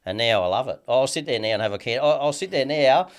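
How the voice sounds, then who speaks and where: A man's voice: mid-range voice, animated, fast. A man in his thirties with an Australian accent, telling a long story as an interview guest in a rambling, sweary way, full of "you know what I mean".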